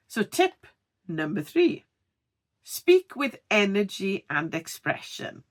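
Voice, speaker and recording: A woman giving a tutorial vlog on speaking clearly, expressive and deliberately over-articulating her words. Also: medium pitch. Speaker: video creator teaching on-camera speaking.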